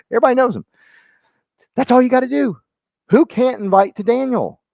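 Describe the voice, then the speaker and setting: A man's voice: extremely high pitch, animated, normal speed, dry recording. A man leading his team in a motivational talk, folksy and rambling, calling on listeners by name. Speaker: team leader speaking to his real estate agents. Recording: dull lo-fi dry sound.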